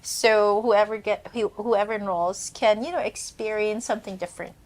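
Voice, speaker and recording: A woman's voice: mid-range voice, steady tone, moderate pace. Friendly woman chef. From Philippines. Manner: friendly, explanatory. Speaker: chef instructor. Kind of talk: casual chat.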